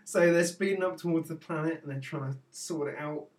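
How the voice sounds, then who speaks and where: A man co-hosting a podcast, retelling scenes in an enthusiastic, animated, casual chat. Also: on the high side, fairly quick, recorded from a distance. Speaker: podcast co-host.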